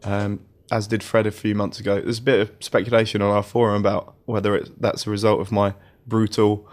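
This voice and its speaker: A man's voice: on the low side, flat delivery, fairly quick. An English man hosting a casual podcast, introducing guests with dry, self-mocking jokes. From England. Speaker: podcast host, magazine editor in chief.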